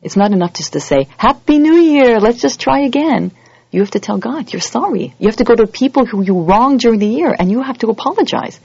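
A religious teacher giving a holiday sermon to a congregation, lively and acting out everyday scenes in other voices. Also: mid-range voice, fast talker, gravelly, hardly any pauses, slightly rough, no echo, lo-fi sound.

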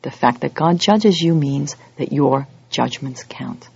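A religious teacher giving a holiday sermon to a congregation, lively and acting out everyday scenes in other voices. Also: mid-range voice, a little slow, creaky, husky, lo-fi sound.

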